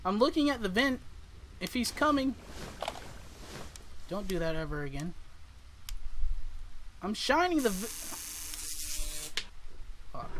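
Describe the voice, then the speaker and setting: A man's voice: high voice, very animated, takes it slowly, pauses often, fairly bright tone, a little hiss or hum, poor audio. A man commentating a horror game as he plays, nervous and jumpy, talking back to the characters on screen. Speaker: gaming YouTuber.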